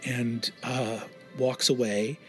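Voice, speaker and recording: A man narrating a tabletop game as game master, animated and shifting between characters. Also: medium pitch, slow, soft background music.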